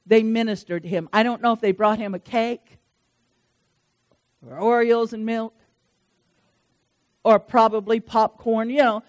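A woman preacher giving a sermon to a congregation, talking in a lively, conversational way with repeated phrases and touches of humor. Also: medium pitch.

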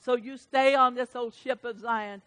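At a church service, a woman pastor delivers a sermon in a fairly high, steady voice at a slightly slow pace. She moves between loud emphatic calls and soft, hushed lines.

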